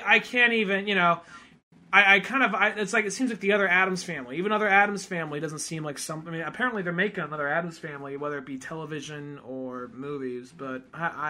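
A man co-hosting a podcast in casual chat, rambling and animated, swearing often. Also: sits high. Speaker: podcast co-host.

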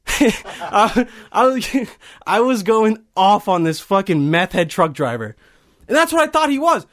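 A man's voice: high-pitched, very animated, measured pace, a bit bright. A man in his early twenties, from Bosnia, telling a heated, profane story in casual chat. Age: early 20s.

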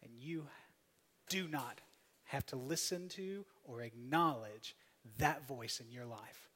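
A man preaching a sermon as pastor, emphatic, swinging between loud appeals and soft, quiet asides. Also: mid-range voice, slow pace, husky. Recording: long hall reverb.

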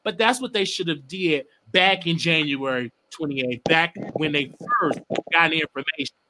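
A man's voice: on the high side, moderate pace, background noise. A man hosting a live stream, giving casual, emphatic political commentary and swearing now and then.

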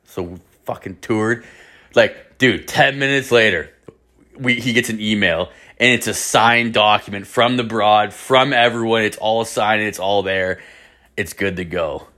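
A man's voice: on the low side, measured pace, pushed and bright. A man from Canada hosting a solo podcast, telling a story in a rambling, heavily profane way, full of "like" and restarts. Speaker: podcast host.

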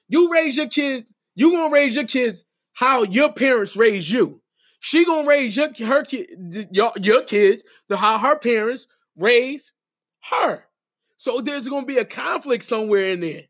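A man's voice: extremely high pitch, a bit bright. A middle-aged man, podcast co-host and wedding officiant, talking in an emphatic, repetitive, preacher-like way in casual chat.

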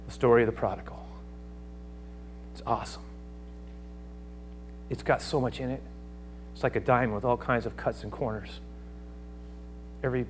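A pastor preaching a sermon, swinging between hushed asides and loud, emphatic passages. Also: male voice, mid-range voice, a little hiss or hum.

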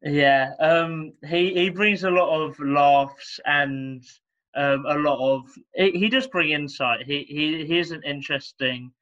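A young man talks football over a laptop call, and the audio comes through dull and lo-fi. His voice is bright and slightly high. He speaks haltingly, restarting sentences and laughing at his own slips. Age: young adult. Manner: hesitant, stumbling, laughs at himself. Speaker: podcast co-host. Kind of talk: casual football podcast chat. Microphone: laptop on a video call.

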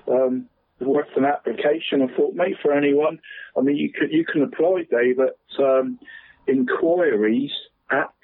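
A man calls in to chat about local football. He has a husky voice and tacks "mate" onto nearly every phrase, chuckling as he goes. He is heard over a tinny, dry phone line. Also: medium pitch, no room sound. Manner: chatty, says "mate" constantly, chuckles often. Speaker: football pundit on local radio.

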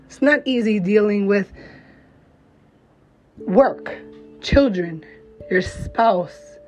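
A young adult woman, a mother, speaking to camera in a heartfelt, blunt, profane and encouraging monologue. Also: mid-range voice. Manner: blunt, profane, encouraging, slow emphatic phrasing. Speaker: mom vlogger. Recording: slightly dull lo-fi recording with faint music behind.

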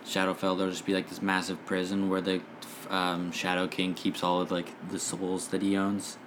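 A man who runs a tabletop game, talking in a relaxed, rambling way with lots of fillers. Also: low voice, moderate pace, noisy background. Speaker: dungeon master. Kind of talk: casual podcast chat.

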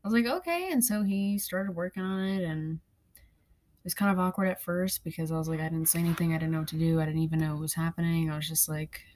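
A woman's voice: low voice, little pitch movement, quick pace, a little mellow, slight background noise. Chatty young woman telling a story. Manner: chatty storyteller, swears freely. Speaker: podcast co-host. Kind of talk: casual chat.

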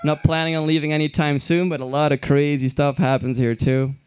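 A man's voice: on the high side, flat delivery, a little fast, darkish tone, clear, resonant tone. A young man from Belgium telling stand-up stories in a loose, rambling way with lots of fillers and restarts. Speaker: stand-up comedian. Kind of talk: stand-up comedy storytelling.

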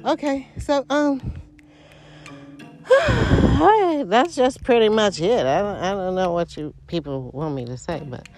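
A woman's voice: fairly low pitch, expressive, moderate pace, hardly any pauses, darkish tone, faint music behind. A woman in a casual monologue rant, blunt, heavily profane, rambling and repeating herself.

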